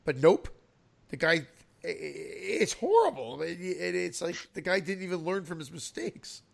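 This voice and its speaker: A man co-hosting a podcast, joking in animated casual chat. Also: sits high, normal speed, gravelly. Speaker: podcast co-host.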